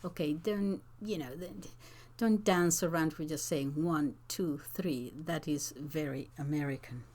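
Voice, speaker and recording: Lady teacher chatting to her viewers, low voice, really slow, lots of ums and restarts. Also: darkish tone. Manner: slow, thoughtful, with hesitations and restarts. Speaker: language teacher and channel host. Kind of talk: unscripted talk to camera answering comments.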